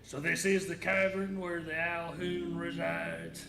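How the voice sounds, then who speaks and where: A man's voice: on the high side, steady tone, a little slow, over music. A man voicing a small mechanical male gnome cowboy with a folksy western drawl, recorded in an echoey room. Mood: laconic.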